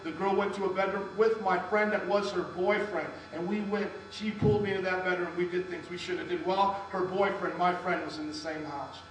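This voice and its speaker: Male pastor, high voice, storytelling sermon, booming hall sound, mic well off, low mains hum. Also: fairly even intonation, a little fast, few pauses, far from the mic. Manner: storytelling preacher, calls on the congregation to respond.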